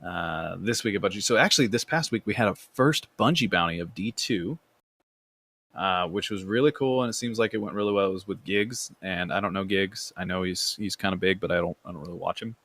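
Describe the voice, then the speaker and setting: A man's voice: low voice, a little fast, a bit bright. A man hosting a casual gaming podcast, rambling with fillers and restarts. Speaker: podcast host.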